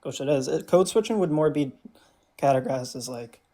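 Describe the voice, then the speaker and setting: A man's voice: mid-range voice, brisk, dark tone, a little hiss or hum. A young man in a mid-range voice, defending his view as a guest in a live debate. He stumbles often, restarts his sentences and leans on fillers as he talks. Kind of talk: casual debate on a call.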